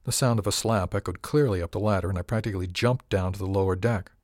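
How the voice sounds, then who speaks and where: A man reading a first-person audiobook narration in an even, wry manner, close to the mic. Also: low-pitched, quick pace, no echo. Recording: dry close recording.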